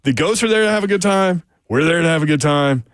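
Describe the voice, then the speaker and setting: A man hosting a radio show, upbeat and quick to laugh in casual banter. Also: a little high, lively intonation, clean tone, dry recording, clean studio sound. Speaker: radio host.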